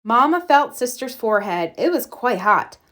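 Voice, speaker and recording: A woman narrating a children's storybook aloud in a gentle, expressive way. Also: on the high side, moderate pace. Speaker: storybook reader.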